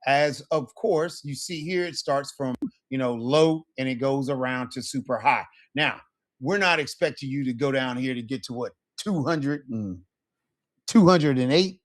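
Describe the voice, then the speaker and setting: A man whose first language is English, teaching a Spanish class in a lively, upbeat way and checking in with "right?" and "okay?". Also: mid-range voice, measured pace. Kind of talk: classroom lesson.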